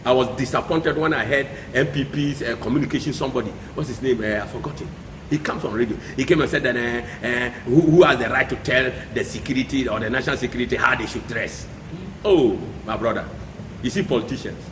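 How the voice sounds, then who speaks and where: A Ghanaian man, a pastor, preaching with passion, swinging between hushed pleading and sudden shouts. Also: mid-range voice, quick pace, roomy sound, long reverb tail, background noise. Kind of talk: preaching commentary.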